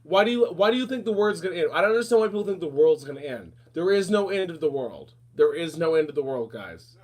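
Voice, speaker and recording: A man hosting a casual talk show, animated and rambling, calling listeners darling and honey. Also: on the high side, fast talker. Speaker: podcast host. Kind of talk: casual chat.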